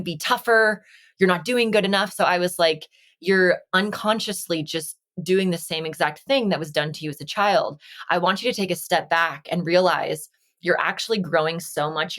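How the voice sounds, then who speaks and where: A woman's voice: lowish voice, a bit bright. A woman from Las Vegas, a podcast guest and energy healer, talking reflectively and earnestly in casual conversation over a video call. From Las Vegas, United States. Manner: reflective, earnest, acts out quoted dialogue.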